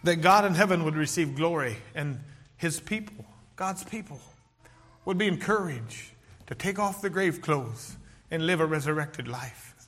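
A middle-aged man preaching a sermon in an earnest, emphatic way, slowing down to stress key lines and reading scripture aloud. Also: on the high side, lively intonation, fairly bright tone. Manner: earnest, slow emphatic delivery with King James scripture reading.

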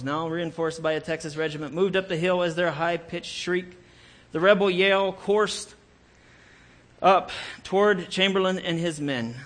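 A man's voice: on the high side, fairly bright tone. A man telling a historical war story aloud in an earnest, dramatic way, sometimes correcting himself. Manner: earnest, with occasional self-corrections.

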